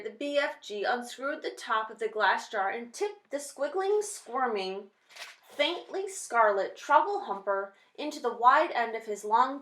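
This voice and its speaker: Woman reading a children's story. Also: a little high. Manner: steady expressive storytelling. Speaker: reader. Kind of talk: reading a children's novel aloud. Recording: roomy echo.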